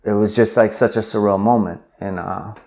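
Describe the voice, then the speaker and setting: A young adult man, an interview guest, telling a personal story in an animated way with many filler words. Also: on the low side, normal speed. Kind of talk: conversational storytelling.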